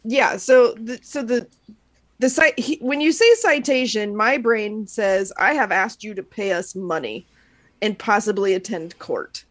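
A woman's voice: medium pitch, measured pace, fairly bright tone. A woman co-hosting a casual podcast, talking in a dry, wry way about her office work. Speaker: podcast co-host. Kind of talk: casual chat.

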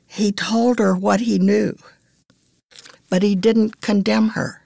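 A woman hosting a podcast, giving devotional Bible teaching as earnest, measured storytelling. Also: medium pitch, steady tone, creaky, mellow, no echo, clean studio sound.

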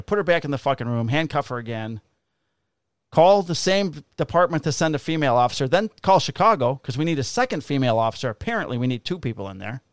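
A man who works as a police officer tells a rowdy story from the job in casual conversation. His voice is smooth and clear and sits at a middle pitch, recorded close and dry. He swears freely and slips into the voices of the people in the story. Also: no echo. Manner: profane, animated, acts out voices in quotes.

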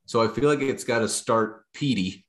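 A man's voice: medium pitch, moderate pace. A young man co-hosting a podcast, talking in a casual, rambling, self-deprecating way with lots of restarts. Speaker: podcast co-host. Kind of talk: casual chat.

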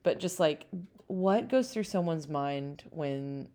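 A young adult woman co-hosting a casual podcast, talking in a loose, rambling way. Her voice sits low for a woman. She hedges often and pads her sentences with fillers. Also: expressive, slow pace, mellow. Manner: hedging, rambling, full of fillers. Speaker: podcast co-host. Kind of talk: casual chat.

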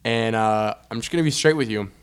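A young man co-hosting a podcast, chatting casually about sports with an animated, joking manner and frequent asides. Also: lowish voice, a little fast, smooth. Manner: animated, laughing, trailing off into asides. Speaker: podcast co-host.

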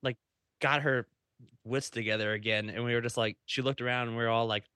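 A man's voice: medium pitch, steady tone, brisk, sharp tone, smooth, dry recording, clean studio sound. A man co-hosting a podcast, telling rambling, crude stories and laughing often. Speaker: podcast co-host. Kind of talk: casual storytelling.

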